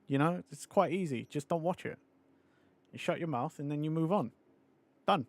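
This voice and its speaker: A young man streaming a game, chatting casually with viewers, animated and often laughing and swearing. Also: a little high, moderate pace, dry recording. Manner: animated, laughing, swearing, mocking others in put-on voices. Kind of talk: casual live-stream chat.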